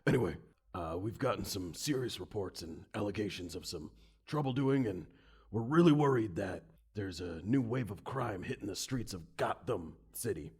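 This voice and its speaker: A man's voice: lowish voice, expressive, normal speed, a little mellow, breathy edge. A man running a live tabletop game as game master, narrating the scene and laughing as he goes. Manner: laughs through his narration.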